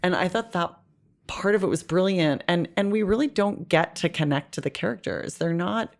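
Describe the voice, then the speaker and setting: A woman's voice: on the low side, normal speed, creaky. A woman guest on a podcast, talking through a film in an articulate, analytical way with frequent restarts. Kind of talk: casual film discussion.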